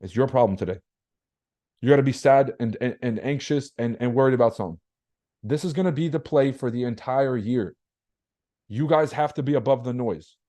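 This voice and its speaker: A man's voice: mid-range voice, fairly quick, mellow. A young man hosting a trading webinar, talking bluntly and casually with slang, profanity and rhetorical questions to his viewers. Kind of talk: casual livestream market commentary.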